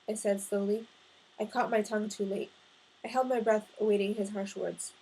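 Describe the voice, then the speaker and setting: Expressive woman reading a novel aloud. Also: medium pitch, moderate pace, slightly rough, poor audio. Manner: expressive first-person narration. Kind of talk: audiobook reading.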